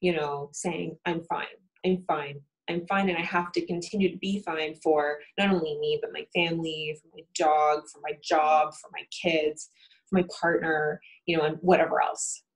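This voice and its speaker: A woman's voice: deep voice, level tone, normal speed, rough recording. A woman therapist talking through coping with a colleague, thinking aloud and often checking in with "right?". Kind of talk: conversation about coping between colleagues.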